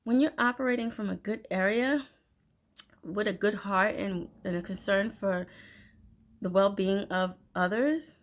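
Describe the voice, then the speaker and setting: A woman giving a casual motivational talk, chatty and animated, acting out little scenes as she goes. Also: medium pitch, unhurried. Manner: chatty, animated storytelling with laughs and acted-out quotes. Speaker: inspirational speaker.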